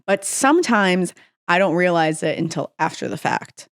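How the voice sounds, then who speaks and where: A woman's voice: fairly low pitch, animated, moderate pace, creaky, no room sound, clean studio sound. A woman co-hosting a comedy podcast, talking frankly and playfully in casual chat and laughing often. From United States. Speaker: podcast co-host.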